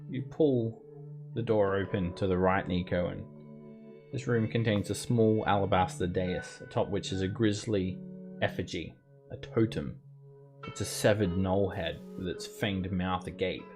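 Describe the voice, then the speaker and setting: A man's voice: low-pitched, fairly even intonation, a little slow, a little mellow, faint music behind. A man narrating a tabletop game as dungeon master, describing rooms and ruling on what the players try.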